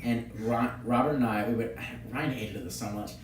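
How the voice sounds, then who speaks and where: A man co-hosting a podcast, telling a story in a casual, animated way, laughing often and acting out the quotes. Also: mid-range voice, normal speed, noisy background. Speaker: podcast co-host. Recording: echoey room, distant from mic.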